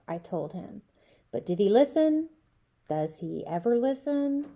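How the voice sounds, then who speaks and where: A woman teacher reading a children's chapter book aloud with expressive storybook delivery. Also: medium pitch, takes it slowly.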